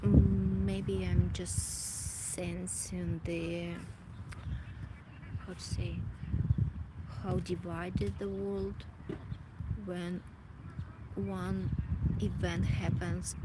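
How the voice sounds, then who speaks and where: A woman vlogging a reflective personal monologue, emotional and halting, often restarting as she searches for words. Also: on the low side. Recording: loud background noise.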